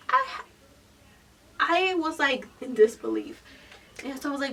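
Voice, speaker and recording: A woman in her twenties telling a story from her own life in a vlog. She is animated and profane, and she swings between loud bursts and hushed whispered asides. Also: sits high, normal speed, pauses often, recorded from a distance. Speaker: vlogger.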